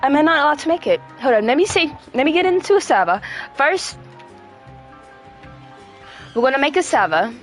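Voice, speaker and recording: A woman's voice: high-pitched, sing-song, moderate pace, long pauses, soft background music. Blunt, rambling woman streamer. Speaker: livestreamer. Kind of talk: casual livestream chat.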